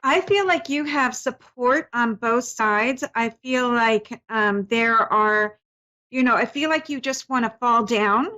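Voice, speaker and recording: A woman giving a psychic reading to a caller on her show. Her voice sits a little high, and she speaks soothingly and reassuringly, stopping often to restart her sentences. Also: takes it slowly, bright, forceful tone, rough recording. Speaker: psychic medium host.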